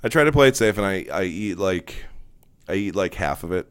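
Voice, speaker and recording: A man's voice: low-pitched, lively intonation, a little fast, clear, resonant tone, no room sound, clean studio sound. A young man hosting a podcast, telling a story in casual, profane chat and laughing often. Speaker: podcast host.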